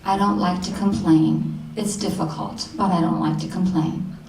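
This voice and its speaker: A woman voicing her young adult daughter, recovering from surgery, in a soft, subdued way. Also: on the low side, fairly even intonation, moderate pace, a little hiss or hum, voice pushed down, close to an everyday voice. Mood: meek. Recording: roomy hall sound, distant mic.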